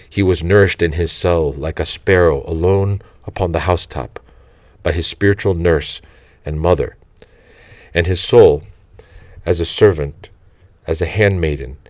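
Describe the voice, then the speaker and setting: Deep-voiced man reading reverently. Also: darkish tone, no echo. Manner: slow, reverent and measured. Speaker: audiobook reader. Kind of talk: reading a saint's life aloud.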